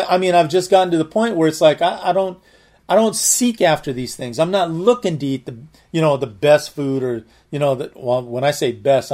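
A man's voice: mid-range voice, darkish tone. A man giving conversational Bible teaching, earnest, often repeating and restarting his words.

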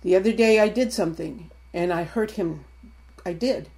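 A woman's voice: lowish voice, normal speed, darkish tone. A woman in her sixties preaching a sermon. She speaks emphatically and repeats her points, calling out directly to the congregation.

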